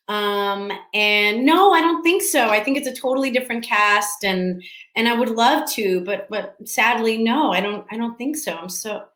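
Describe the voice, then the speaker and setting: An actress answering fan questions at a casual virtual panel from home, talking in a chatty, scattered way with lots of restarts and laughs. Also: female voice, mid-range voice, fairly bright tone. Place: room at home. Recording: echoey room.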